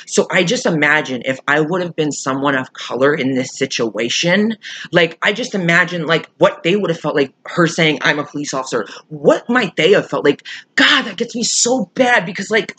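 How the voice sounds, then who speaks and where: Husky-voiced irate vlogger ranting. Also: medium pitch. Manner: angry, swearing, emphatic, swings from loud outbursts to quiet muttering. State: irate and upset. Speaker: YouTuber. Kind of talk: storytime vlog rant.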